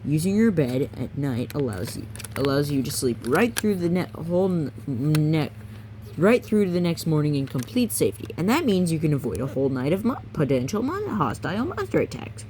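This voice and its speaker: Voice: medium pitch, animated, moderate pace, background noise. A reader casually reading a game guidebook aloud, stumbling, correcting themselves and adding chatty asides.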